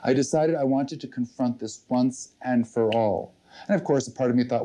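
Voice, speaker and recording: A man gives a motivational seminar talk to a live audience, telling his story earnestly and often turning to address the listeners. His voice is deep, dark and mellow. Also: normal speed. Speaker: seminar leader.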